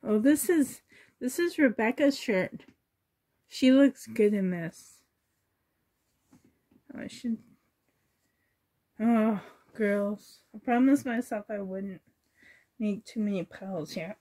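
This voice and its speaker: A woman chatting to herself and her viewers while sorting doll clothes, sentimental and softly laughing. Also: medium pitch, takes it slowly, pauses often. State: emotional, choked up. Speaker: reborn doll collector vlogger.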